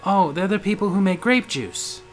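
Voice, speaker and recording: A man's voice: high voice, expressive, moderate pace, faint music behind, voice pushed up. A man voicing a sweet, clueless young woman who asks naive questions in an airy way.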